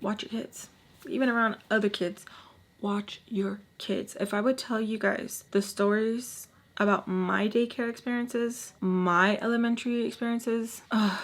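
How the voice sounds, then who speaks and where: A young woman telling a personal story in a casual, chatty way, often dropping to a whisper. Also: on the high side. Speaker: storytime vlogger.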